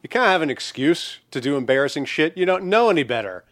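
A man's voice: a little high, very animated, quick pace, fairly bright tone, no room sound, clean studio sound. A man in his forties hosting a podcast, joking crudely in casual chat. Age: 40s. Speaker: podcast host.

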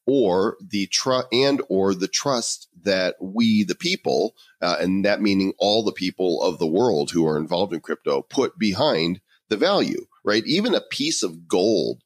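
A man's voice: deep voice, animated, unhurried, few pauses, no room sound. A male podcast co-host in casual chat, upbeat and explaining things.

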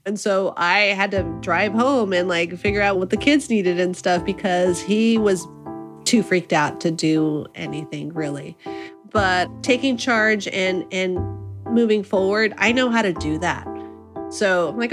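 A woman in her thirties telling a personal story in a casual, animated way, acting out what people said. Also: medium pitch, measured pace, over music. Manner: animated, acts out quotes, laughs. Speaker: interviewee, new mother.

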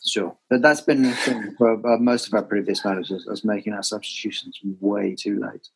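A man's voice: lowish voice, steady tone, normal speed, vocal fry, a little hiss or hum, low-quality recording. A man hosting a casual football podcast, reading out listener questions and telling fan anecdotes. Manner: reads listener questions, tells anecdotes with shouted impressions. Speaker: podcast host. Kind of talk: casual chat.

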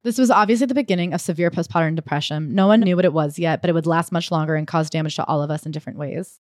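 A woman co-hosting a casual podcast, retelling a memoir with animated storytelling and reading quoted passages aloud. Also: deep voice, very fast, dry recording, studio quality. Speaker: podcast co-host.

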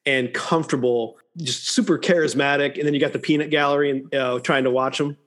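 A man's voice: mid-range voice, fairly even intonation, brisk, a bit bright. A man co-hosting a podcast, talking casually about a movie, laughing often and restarting his sentences. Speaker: podcast co-host.

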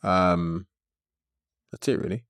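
A man, a company founder, telling a story as an interview guest in an animated way, with many filler words. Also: sits low, slow, no room sound.

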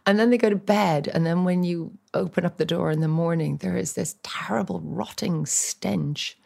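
Gravelly, low-voiced woman telling funny stories. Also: moderate pace. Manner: animated storyteller, acts out voices for comic effect. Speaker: guest. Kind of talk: casual chat.

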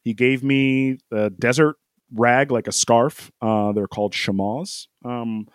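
A man of middle pitch tells a story in a loose, rambling way, full of fillers and small laughs. He slips into the voices of the people he quotes. The sound is dry and close. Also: fairly even intonation, slow pace, no echo. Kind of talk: casual storytelling.

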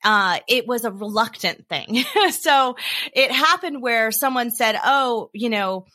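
Woman, podcast guest, bright clear voice, animated storytelling. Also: on the high side, measured pace. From South Africa. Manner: animated storyteller, acts out quoted dialogue. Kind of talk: interview answers.

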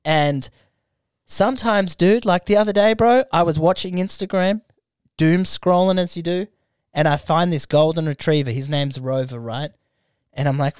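A young man co-hosting a podcast, telling profane, animated stories in casual banter. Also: a little high, moderate pace, clean tone, dry recording, studio quality. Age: young adult. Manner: profane, storytelling, animated impressions of others. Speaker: podcast co-host.

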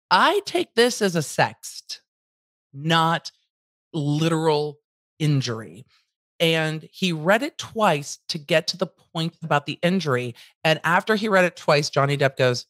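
A woman's voice: low-pitched, lively intonation, slow pace, a bit bright, no echo. Blunt woman recapping a trial. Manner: candid and blunt, swears casually. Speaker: legal commentary host. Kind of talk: casual trial recap commentary.

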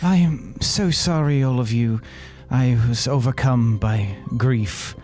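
A man voicing a grieving female mushroom-folk figure who speaks formally and haltingly in a tabletop game. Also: medium pitch, darkish tone, soft background music, close to an everyday voice.

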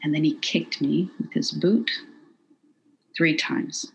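Quiet halting middle-aged woman, gravelly voice, interview guest. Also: low voice, steady tone, a little hiss or hum, poor audio. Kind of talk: personal testimony in interview.

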